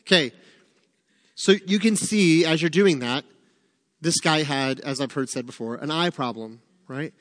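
A man preaches to a small group in a relaxed, conversational way, lively and joking between points. His voice sits a little high. Long reverb trails off the room around him. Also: unhurried. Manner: animated, chatty, joking asides. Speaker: pastor teaching a Bible study. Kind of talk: conversational sermon.

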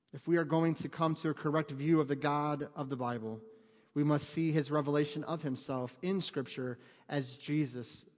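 Fervent, joking pastor in a reverberant hall. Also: male voice, on the high side. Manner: conversational, joking asides, rising to fervent emphasis. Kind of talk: sermon. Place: church sanctuary. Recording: long reverb of a church hall.

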